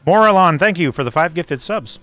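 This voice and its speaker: A jokey man co-hosts a game stream and is quick with a gag. His voice sits a little high and bounces around. He keeps it casual and fun. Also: lively intonation, a bit bright, no echo, faint music behind. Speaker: streamer co-host. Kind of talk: casual live-stream chat.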